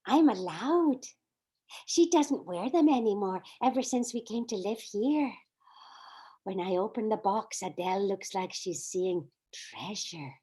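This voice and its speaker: A woman playing a shy little girl who narrates her own story softly in a one-person stage reading. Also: medium pitch, breathy edge, voice pushed down.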